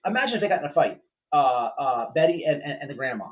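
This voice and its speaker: A man's voice: a little high, animated, quick pace. A man hosting a casual livestream, rambling bluntly and with profanity as he reacts to chat, full of fillers and restarts. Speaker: livestream host. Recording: tinny phone-like sound.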